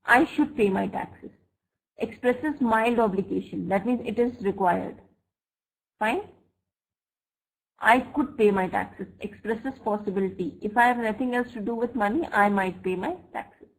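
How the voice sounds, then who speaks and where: A woman teaching an online English grammar class. She reads example sentences slowly and checks often with "right?" and "fine?". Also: medium pitch, vocal fry, rough recording. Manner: slow, deliberate example sentences. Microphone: computer mic for a web class.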